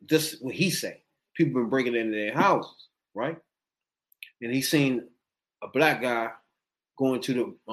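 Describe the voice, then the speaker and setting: A man telling a story in casual, profane, slangy chat and acting out what people said. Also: medium pitch. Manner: animated, profane, slangy, acts out quotes.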